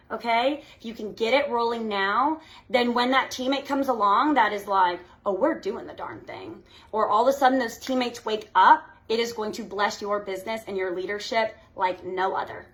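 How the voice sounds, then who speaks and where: A woman's voice: on the high side, a bit bright. A woman gives a chatty motivational talk to her sales team, checking in with "okay?" after nearly every point. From United States. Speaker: team leader.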